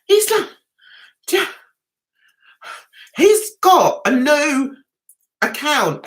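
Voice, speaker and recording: A woman's voice: a little high, fairly bright tone. A woman with a London accent touched by Essex, hosting a casual live chat and talking to viewers in a chatty, sarcastic, teasing way. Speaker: livestream host.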